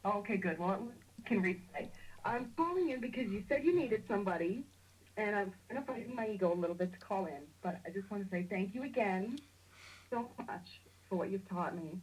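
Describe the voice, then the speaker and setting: A woman's voice: medium pitch, lively intonation, a little fast, a little mellow, breathy edge, rough recording. A woman from Missouri calling in to a spiritual radio show, earnest and heartfelt, with nervous laughter. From Missouri, USA. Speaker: caller. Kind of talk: emotional call-in chat.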